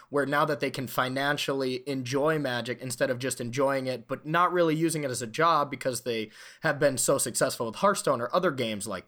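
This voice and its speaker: A man on a gaming podcast panel chatting casually and adding quick joking asides. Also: medium pitch, sharp tone.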